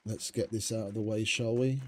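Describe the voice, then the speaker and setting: A man's voice: lowish voice, steady tone, brisk. A man streaming a survival game, chatting casually in a rambling, profane, stop-start way. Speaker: gaming streamer. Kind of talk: casual gameplay commentary.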